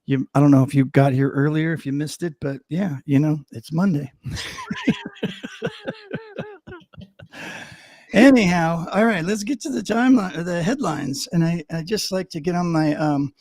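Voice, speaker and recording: A man's voice: fairly high pitch, brisk, hardly any pauses, a little mellow, no echo, clean studio sound. A middle-aged man co-hosting a live show, chatting casually with plenty of fillers and restarts, and slipping into a mock news-anchor delivery for headlines. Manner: rambling, many fillers and restarts. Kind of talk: casual live-stream chat.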